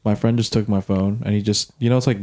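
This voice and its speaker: Young male podcast guest, slightly low voice, offhand delivery. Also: steady tone, fast talker, mellow. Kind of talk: casual chat.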